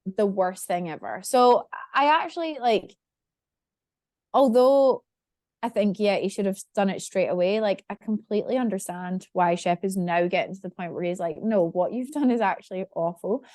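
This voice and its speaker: A woman's voice: medium pitch, moderate pace, a little mellow, dry recording, studio quality. A woman co-hosting a casual reality-TV podcast, chatty and laughing, swearing now and then. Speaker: podcast co-host. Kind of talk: casual chat.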